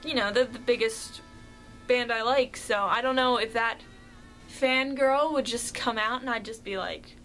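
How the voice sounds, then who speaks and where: A woman's voice: on the high side, fairly bright tone, poor audio. A young woman vlogger chatting casually through a fan question list, rambling and a bit shy.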